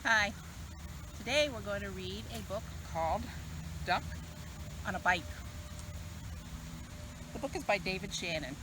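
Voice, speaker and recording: A librarian reading a picture book aloud to children in an expressive, sing-song storytelling manner. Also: female voice, mid-range voice, unhurried, pauses often, background noise. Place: library video recording.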